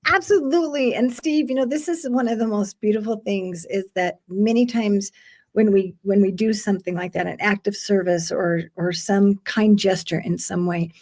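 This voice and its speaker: A woman's voice: mid-range voice, normal speed, a little mellow. A woman hosting a podcast interview, reflective and affirming as she responds to her guest. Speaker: podcast host. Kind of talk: interview conversation.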